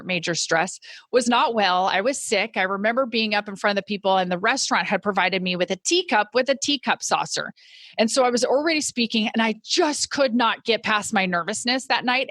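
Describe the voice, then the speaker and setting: A middle-aged woman hosting a podcast, telling her own story in an earnest, reflective way and slowing down on key words. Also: on the high side, fairly bright tone, dry recording. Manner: earnest and reflective, slows down for emphasis. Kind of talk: personal storytelling monologue.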